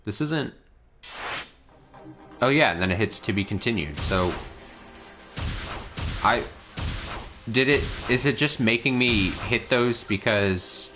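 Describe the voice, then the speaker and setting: Low-voiced guy streaming a story game, reads the text out and keeps stopping to comment, music in the back. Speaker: let's play streamer. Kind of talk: reading a visual novel aloud with commentary.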